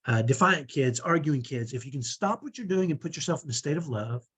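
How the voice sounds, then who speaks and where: A middle-aged man with a fairly high, husky voice coaches parents through a relaxed lesson. He talks in an easy, conversational way and keeps tagging his points with a quick "right?" to check in with his listeners. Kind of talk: teaching talk to parents.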